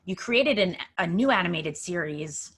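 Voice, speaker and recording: A woman's voice: on the low side, lively intonation, moderate pace, a bit bright, breathy edge. A woman hosting an interview, enthusiastic, laughing a lot and cheering her guest on. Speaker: podcast host. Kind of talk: casual interview chat.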